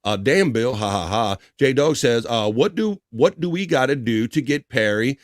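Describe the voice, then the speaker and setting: A man's voice: medium pitch, lively intonation, moderate pace, dry recording, clean studio sound. Chatty man hosting a livestream. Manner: upbeat, chatty, often laughing. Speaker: livestream host. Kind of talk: casual livestream chat reading viewer comments.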